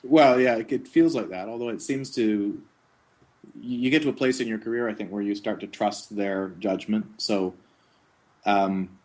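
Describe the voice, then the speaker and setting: A middle-aged man with a lowish voice talks through his work in a relaxed, rambling way. He laughs easily as he tells his anecdotes. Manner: slips into quick character voices mid-sentence; relaxed, rambling storytelling with chuckles. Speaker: voice actor guest. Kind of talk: casual interview chat.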